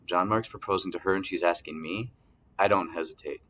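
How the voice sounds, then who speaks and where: A man narrating an audiobook in the first person, telling the story calmly and evenly. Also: low voice, fairly quick, a little hiss or hum.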